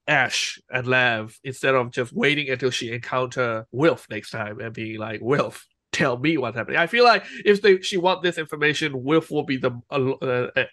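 Bright-toned man in casual recap chat. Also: mid-range voice, no room sound. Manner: rambling, laughs at his own jokes. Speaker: podcast co-host.

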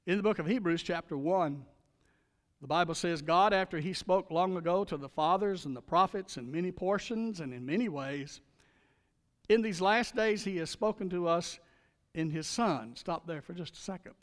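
Older man, pastor, sermon, dramatic storytelling, high voice, echoing church hall. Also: normal speed. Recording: long reverb of a large hall.

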